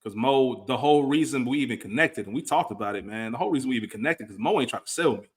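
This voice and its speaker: A man's voice: medium pitch, animated, slightly rough. A man co-hosting a podcast in casual chat, emphatic, often acting out what people said to him. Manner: fast, emphatic, acts out quoted people. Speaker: podcast co-host.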